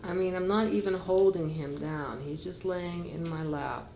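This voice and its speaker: Casual home vlogger, a woman, unhurried, fond, chatty with her pets. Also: fairly low pitch, vocal fry, reverberant, lo-fi sound, background noise. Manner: chatty, fond baby talk to kittens. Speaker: cat breeder. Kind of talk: casual home video update. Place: room at home with kittens.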